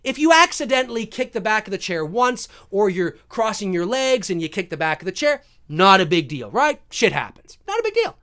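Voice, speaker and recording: A man's voice: high-pitched, moderate pace, few pauses, clean tone. A man hosting a live stream, chatting casually with viewers and telling stories with plenty of swearing and acted-out moments. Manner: animated, swears freely, acts out scenes. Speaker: live-stream host answering viewer questions.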